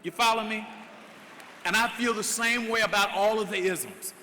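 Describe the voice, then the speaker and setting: Male commencement speaker, high-ish and bright, preacherly and emphatic, voices characters in his anecdotes, long reverb of a big hall. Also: normal speed, slight background noise. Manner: emphatic, preacherly, draws out key words; acts out dialogue in his stories. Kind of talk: commencement address. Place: large hall.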